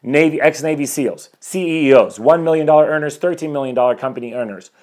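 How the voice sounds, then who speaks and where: On a live stream from his house, a life coach in his forties delivers a motivational talk on self-improvement and says hello to each viewer who joins. He speaks quickly in a voice that runs high yet has a darkish tone, sounding energetic and a bit scattered.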